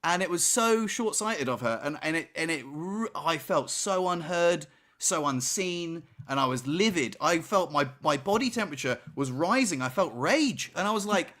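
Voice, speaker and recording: A man with a fairly high voice co-hosts a casual podcast chat. He tells his story in an animated, rambling way, checking in with "right?" and "you know" as he goes. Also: normal speed, few pauses. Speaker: podcast co-host.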